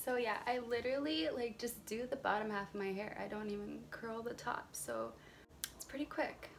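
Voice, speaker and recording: Over music, a young woman with a voice on the high side talks at a moderate pace through a hair tutorial. She's a beauty vlogger recording on her phone in a warm room at home, chatty and rambling with plenty of fillers.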